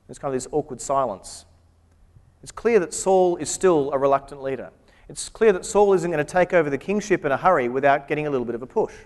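Man, preacher, humorous sermon, wry asides, fairly high voice. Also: expressive, fast. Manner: wry, joking asides while retelling scripture. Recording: long hall reverb.

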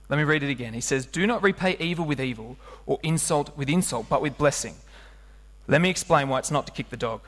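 A man preaching a sermon, animated and asking his listeners rhetorical questions. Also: fairly high pitch. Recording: long hall reverb.

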